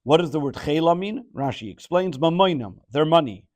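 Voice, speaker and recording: A man leads a Torah lesson. He reads each phrase and translates it as he goes, in a slightly higher voice. The sound is dry and close, with no room around it. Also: lively intonation, normal speed, a little mellow, dry recording. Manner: reads Hebrew phrases then translates, explains with Rashi. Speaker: Torah teacher. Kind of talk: verse-by-verse Torah class.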